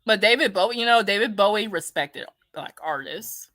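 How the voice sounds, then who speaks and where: A woman's voice: mid-range voice, expressive, moderate pace, a bit bright, no echo. A woman giving a casual, heated, profane opinion rant to her viewers, blunt and repeating herself for emphasis. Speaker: commentary streamer.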